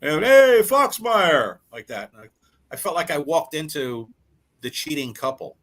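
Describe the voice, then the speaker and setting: An older rock musician, a man of medium pitch speaking at a moderate pace, tells stories as a guest in a casual interview. He acts out quoted dialogue and frequently repeats and restarts words.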